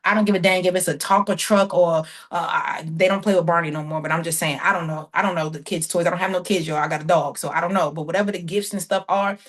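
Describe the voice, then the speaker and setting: A woman coaching her team on a casual call, chatty and folksy, often shouting with excitement. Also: fairly low pitch.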